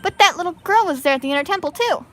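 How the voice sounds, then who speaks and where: A woman voicing an excitable young female spirit medium as she reads game dialogue aloud, with an eager, pleading, upbeat manner. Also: very high voice, quick pace, faint music behind, pitched above the performer's own voice.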